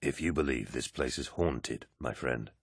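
A man's voice: a bass voice, unhurried, breathy edge, dry recording, studio quality, voice pushed down, heavily acted. A man voicing a stern warrior captain who gives curt, cold orders. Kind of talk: audiobook character voice.

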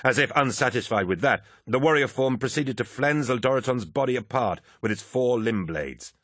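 A man's voice: medium pitch, normal speed, a bit bright, no room sound, studio quality. A man narrating a military science fiction audiobook, reading battle scenes dramatically. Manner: dramatic, vivid action reading.

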